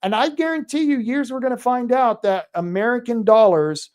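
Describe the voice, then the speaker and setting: A man's voice: very high voice, moderate pace, a little mellow. Man, talk show host, sarcastic rant, crude jokes, commentary monologue.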